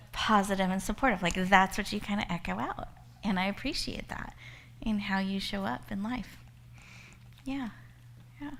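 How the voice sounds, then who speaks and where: A woman's voice: a little high, slight background noise. A woman giving a motivational talk, telling a story and speaking straight to her listeners. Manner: warm storytelling with laughter, addresses listeners directly. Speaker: speaker and host.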